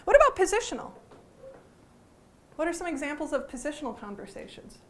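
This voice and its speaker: Woman, high voice, workshop teacher, lively, jokes, quizzes the audience. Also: a little fast, slight background noise. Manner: lively, joking, asks the audience questions. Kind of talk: interactive workshop talk. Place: conference room before a live audience.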